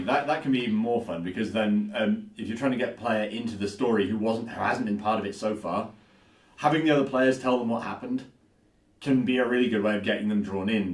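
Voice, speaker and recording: Agreeable low-voiced young man, echoey room. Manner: agreeable, thinks aloud with frequent "yeah" and restarts. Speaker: podcast co-host and tabletop player. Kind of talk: casual podcast chat. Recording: echoey room, far from the mic.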